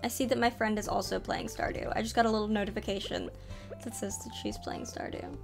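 A woman's voice: mid-range voice, fairly even intonation, a little fast, vocal fry, over music. A woman streaming a game live, chatting casually in a playful, rambling way. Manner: playful, rambling, giggly asides. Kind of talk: casual live gameplay chat.

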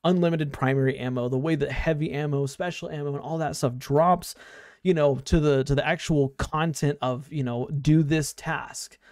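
A man's voice: a little high, steady tone, moderate pace, a little mellow, no room sound, studio quality. A man giving casual, unscripted commentary as a gaming video creator, rambling with many fillers and restarts.

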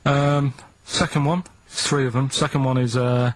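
A man on a radio show, explaining things slowly in casual banter and tagging sentences with "right?". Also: mid-range voice, steady tone, no echo. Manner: plodding explainer, ends phrases with "right?".

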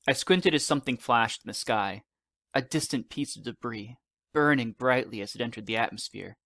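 Gravelly teacher reading a novel aloud. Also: male voice, mid-range voice, sharp tone, no echo. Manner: measured storytelling narration.

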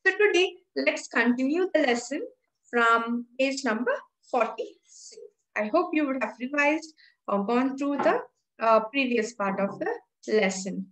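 A woman teacher greeting children and reading a story aloud slowly, with lively voices for the characters. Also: high voice. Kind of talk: classroom reading and explanation. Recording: echoey room.

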